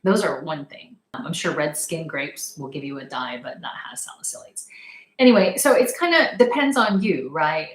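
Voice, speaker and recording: A woman vlogger shares a personal story in a chatty, rambling way, laughing often and animatedly acting out how she reacted back then. Her voice sits low at a normal pace, and the poor audio has a roomy sound.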